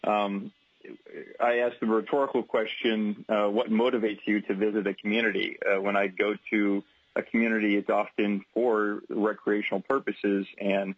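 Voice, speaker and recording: Flat-voiced husky mayor on a remote line. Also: male voice, fairly low pitch, normal speed, no echo. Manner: polite, formal, advocating. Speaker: town mayor giving public comment. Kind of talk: remote testimony at a legislative hearing. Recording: dull lo-fi remote audio line.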